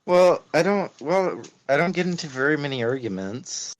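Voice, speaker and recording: A man's voice: on the high side, expressive, normal speed, low-quality recording. A man joking around in a casual livestream chat, teasing his friends and trying to stir up a fight.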